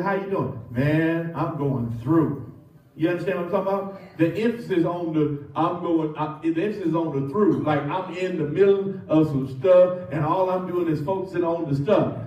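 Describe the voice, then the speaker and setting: A man's voice: a little high, muffled recording. Echoey preaching pastor, man. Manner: preaching, leads the congregation in repeating phrases. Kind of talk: call-and-response sermon. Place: church sanctuary. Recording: echoey church, mic from some distance.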